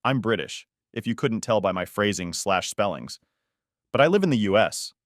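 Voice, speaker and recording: Low-voiced man reading a story. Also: lively intonation, moderate pace, dry recording, clean studio sound. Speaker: story narrator. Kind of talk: reading an online post aloud.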